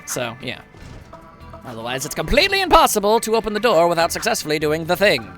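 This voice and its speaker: A man's voice: sits high, very animated, fast, fairly bright tone, faint music behind. A man casually commentating a video game as he plays, chatty and wry, with self-mocking asides. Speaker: gameplay commentator. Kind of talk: casual let's play commentary.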